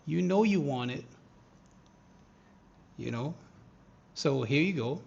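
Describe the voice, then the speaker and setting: Animated trading-stream host, a man with gravelly voice. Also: fairly high pitch, slow pace, dull audio, slight background noise. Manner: animated, teasing, bursts into excited shouting. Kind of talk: live market commentary.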